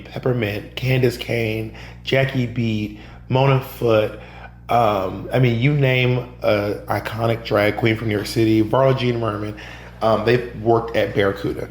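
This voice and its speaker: A man from Georgia in the US, a guest on a podcast, telling stories animatedly and acting out other people's lines. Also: mid-range voice. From Georgia, USA. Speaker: podcast guest, drag performer and comedian. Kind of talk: casual storytelling in an interview. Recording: roomy echo with a faint hum.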